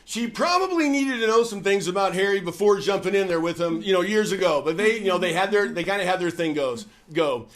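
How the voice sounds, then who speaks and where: A man hosting a relaxed chat with his wife, a former pastor who tells stories in a folksy, animated way with plenty of fillers. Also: high-pitched, fairly quick, hardly any pauses. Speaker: host. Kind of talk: casual chat with joke telling.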